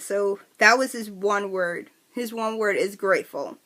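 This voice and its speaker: Excitable woman vlogger recapping wrestling. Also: a little high, moderate pace. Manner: chatty, excitable, many restarts and fillers. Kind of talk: casual recap vlog.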